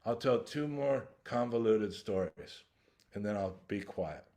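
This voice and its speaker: A man's voice: fairly low pitch, lively intonation, measured pace, warm tone. A man giving an earnest, rambling personal share at a recovery workshop, often restarting his sentences as he goes. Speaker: invited speaker at a recovery workshop.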